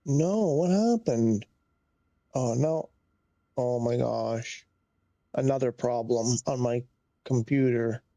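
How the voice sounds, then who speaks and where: Slow, gravelly flight sim streamer muttering. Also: mid-range voice, mellow, dry recording. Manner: mutters to self, sighs often, easily frustrated. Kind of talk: live gameplay commentary.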